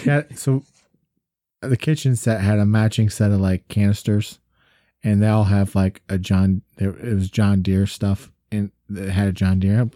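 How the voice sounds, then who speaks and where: A man with a low, very mellow voice chats as a co-host in a casual faith discussion. He is friendly and teasing, and livens up when he tells a story. The recording is dry and close. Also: fairly even intonation, a little slow, no room sound. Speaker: podcast co-host.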